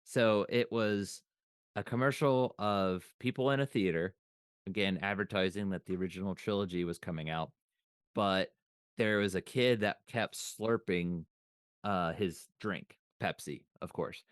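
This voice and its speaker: This podcast co-host has a low, resonant, clear voice and speaks at a measured pace, recorded dry with clean studio sound. Chatting casually, he recalls old memories aloud, restarting sentences and letting thoughts trail off.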